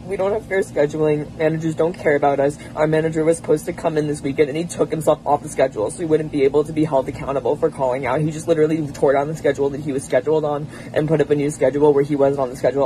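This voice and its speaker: Young man, barista, urgent pleading complaint, slightly high voice, noisy street clip. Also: mellow. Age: young adult. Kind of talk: upset recorded complaint. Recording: noisy clip with traffic behind.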